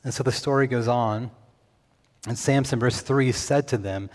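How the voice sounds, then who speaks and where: A man's voice: medium pitch, normal speed. A man preaching a sermon, conversational and given to jokes with his congregation. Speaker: pastor. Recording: long reverb, hall.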